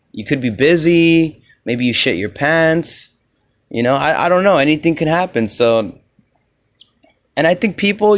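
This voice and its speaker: A man from Los Angeles hosting a casual solo podcast, rambling loosely with lots of "you know"s. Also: medium pitch. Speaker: podcast host.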